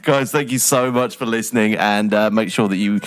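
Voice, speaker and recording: A man's voice: fairly low pitch, fairly quick, background noise. A man co-hosting a comedy podcast, playful and teasing, egging the others on. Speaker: podcast co-host. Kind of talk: casual comedy podcast chat.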